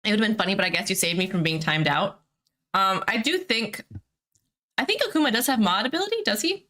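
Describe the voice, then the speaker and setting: A woman's voice: medium pitch, expressive, brisk, pushed and bright. A woman hosting a casual live stream from home, rambling with lots of fillers and giggling often. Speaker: streamer and host.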